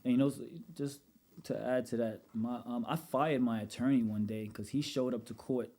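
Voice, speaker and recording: Podcast guest: Brooklyn man, New York accent, 30s, animated storyteller, slangy. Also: medium pitch, moderate pace. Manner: animated storyteller, street slang, frequent "you know what I'm saying". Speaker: podcast guest, rental business owner. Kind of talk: casual podcast conversation.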